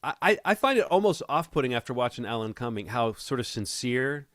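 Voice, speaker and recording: Rambling wry podcast host, dry sound. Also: male voice, medium pitch, sing-song, fairly quick, a bit bright, no echo. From United States. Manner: rambling, wry, with many restarts. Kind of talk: casual chat.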